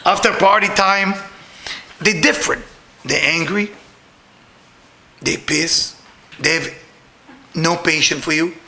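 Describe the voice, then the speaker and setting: A man's voice: fairly high pitch, slow pace, pauses often, pushed and bright, roomy sound. A middle-aged man teaching a Kabbalah class, telling a story with laughter and repeated words.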